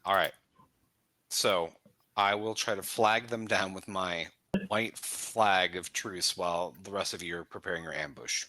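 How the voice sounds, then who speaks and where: A man playing a tabletop game, playful and rambling as he thinks out loud. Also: deep voice, measured pace. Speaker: player.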